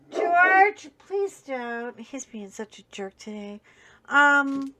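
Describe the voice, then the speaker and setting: A woman hosting a casual live stream while coloring, talking in a slow, emphatic, indignant way. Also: a little high, sharp tone.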